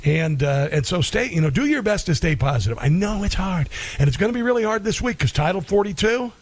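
A man's voice: high voice, animated, fairly quick. Blunt indignant talk radio host, a man. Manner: blunt, indignant, many ums and uhs.

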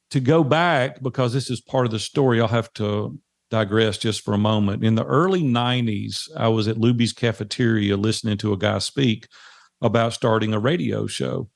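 A man in his forties recounts his life in a plain, earnest way, pausing often on fillers. His voice sits low and has a gravelly edge. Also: no echo, clean studio sound. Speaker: guest telling his life story. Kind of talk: personal storytelling.

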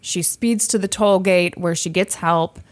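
A woman co-hosting a podcast, casually telling a true crime story with animated delivery and acted-out quotes. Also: fairly low pitch, measured pace. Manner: animated, acts out quoted voices, laughs often.

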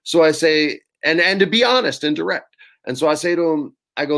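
A middle-aged man, a guest in an interview, telling casual anecdotes in an animated way, swearing freely and acting out what others said. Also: a little high, a little fast, vocal fry. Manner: animated, swears freely, acts out quoted lines.

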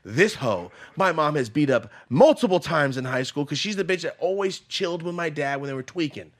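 Profane, animated man telling stories. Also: fairly high pitch, fairly quick. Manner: profane, animated storyteller, swings from muttering to loud bursts. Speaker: podcast host. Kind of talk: casual storytelling chat. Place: podcast studio.

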